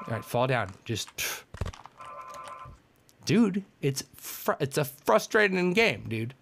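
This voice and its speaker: A man giving excitable, frustrated commentary while playing a video game, yelping and ranting. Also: fairly high pitch, slow pace, vocal fry, pauses often, a little hiss or hum. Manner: excitable, frustrated, yelps and rants. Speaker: gamer. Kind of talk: gameplay commentary.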